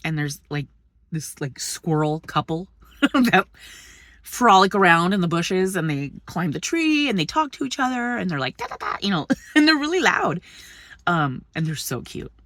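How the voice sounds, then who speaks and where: A woman's voice: fairly low pitch, big pitch swings, moderate pace, fairly bright tone, no room sound, studio quality. A woman vlogging in a chatty storytelling way, swearing freely, laughing often and jumping between subjects. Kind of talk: casual storytelling vlog.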